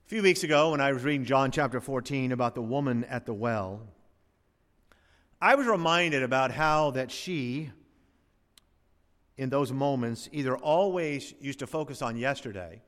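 A man preaching a sermon and reading scripture aloud, swinging from loud emphatic rises to hushed, slow passages. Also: medium pitch, big-room sound. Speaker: pastor.

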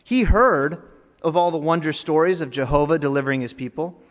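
A male pastor delivers a sermon in a fairly high voice, dropping to near-hushed tones and then rising into emphatic, louder passages. His words ring out with a long reverb, as if recorded in a large church hall. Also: a little fast. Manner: dramatic preaching that swings between hushed and raised.

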